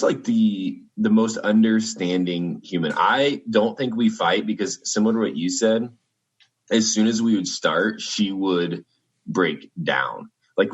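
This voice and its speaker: A man chatting casually on a video call, rambling with halting restarts. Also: low voice, fairly bright tone, breathy edge. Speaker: podcast guest. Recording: dull lo-fi video call audio.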